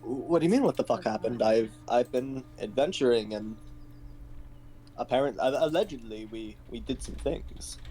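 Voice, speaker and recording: Animated, exasperated man role-playing. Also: mid-range voice, normal speed, a little hiss or hum. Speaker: player. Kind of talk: in-character tabletop role-play.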